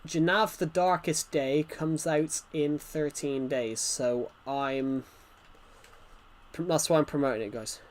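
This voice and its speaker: A man's voice: fairly high pitch, fairly even intonation, takes it slowly. A man streaming gameplay live, rambling chattily and answering chat messages, his nose bothered by hay fever.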